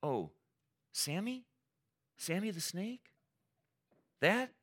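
A man's voice: high voice, very animated, extremely slow, fairly bright tone, pitched above the performer's own voice, heavily acted. A man voicing God from a children's lesson, speaking in a casual, offhand way. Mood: breezy.

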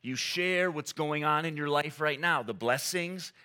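A man preaching a sermon, earnest and emphatic, with dramatic pauses and repeated phrases. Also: fairly high pitch, sharp tone, clean tone. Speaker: pastor.

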